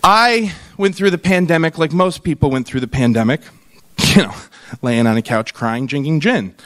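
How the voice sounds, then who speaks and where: A man with a notably high-pitched voice delivers a humorous summit talk. He is in his thirties and tells stories with quick comic asides. He acts out quoted lines from the people in his anecdotes. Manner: lively storytelling with comic asides and acted quotes. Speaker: keynote speaker on tourism. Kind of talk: humorous conference speech.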